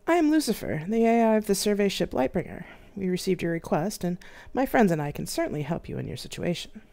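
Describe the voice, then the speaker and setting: A polished, courteous male starship AI speaks with a slight accent and a smooth, unhurried voice, as a woman reads him aloud. He sounds friendly and in control, like a helpful machine. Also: mid-range voice, very animated, dark tone, pitched above the performer's own voice.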